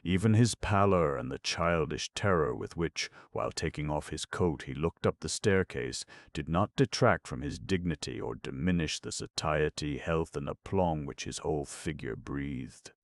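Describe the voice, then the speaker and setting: A man narrating a classic short story for an audiobook in a measured, literary way. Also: rumbling low, animated, no echo. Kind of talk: scripted narration.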